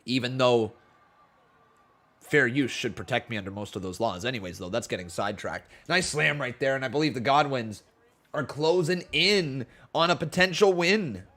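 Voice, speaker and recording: This is casual wrestling watch-along commentary from a man whose mid-range voice is animated and moves at normal speed. Live on stream, he calls old matches in an easygoing way, reads the chat out loud, and bursts into excited yelling, his voice somewhat sore and worn.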